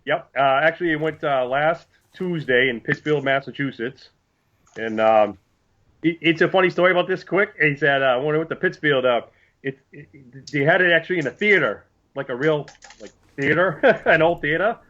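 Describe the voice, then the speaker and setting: Casual podcast co-host, male, slightly high voice, muffled lo-fi audio, lively anecdote teller. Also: moderate pace. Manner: animated storyteller, acts out quotes. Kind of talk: casual chat. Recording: dull lo-fi sound.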